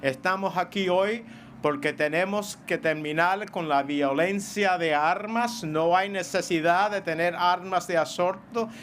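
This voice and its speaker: Mężczyzna, senator, przemawia poważnie i spokojnie na wiecu na świeżym powietrzu, w dwóch językach. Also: male voice, high-pitched, a bit bright, a little hiss or hum. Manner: earnest, measured speaking in Spanish and English. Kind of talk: rally speech. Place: outdoors at a rally.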